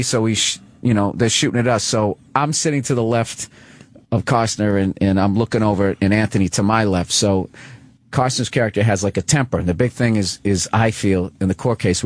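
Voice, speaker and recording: A man with a Boston accent in his forties, a comedian guest telling rambling, profane, self-mocking stories on a radio talk show. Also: lowish voice.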